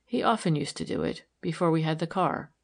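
A woman reading the part of an anxious, guarded wife who speaks in a hushed, hesitant way, in an audiobook. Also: sits low, brisk, gravelly.

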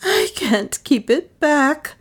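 A woman voicing a hysterical, gloomy maid in a storybook, shrill and sobbing. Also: animated, slow pace.

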